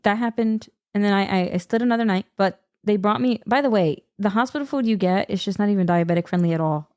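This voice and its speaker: A woman co-hosting a podcast in an easygoing, conversational way. Her voice sits at an ordinary middle pitch. She often drops in short remarks and finishes her partner's sentences. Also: darkish tone. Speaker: podcast co-host. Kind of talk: casual chat.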